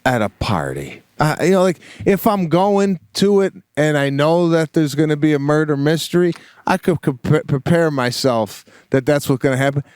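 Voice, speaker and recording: A middle-aged man co-hosting a podcast, telling a story in casual comic chat, animated and mock-exasperated, with swearing. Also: on the high side, normal speed, hardly any pauses, smooth, dry recording, clean studio sound. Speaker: podcast co-host.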